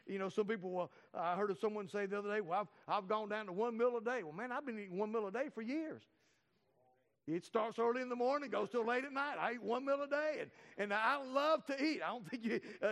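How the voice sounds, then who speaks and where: A man preaching a sermon to a congregation, earnest, with many fillers and restarts, slowing down to read scripture. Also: extremely high pitch, a bit bright, big-room sound. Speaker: pastor.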